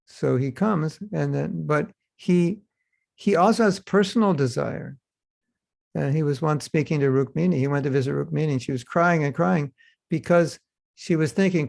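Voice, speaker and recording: Gravelly man giving a lively sermon. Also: on the high side, normal speed. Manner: conversational and humorous, acts out quoted dialogue. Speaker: speaker giving a scripture class. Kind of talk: informal sermon.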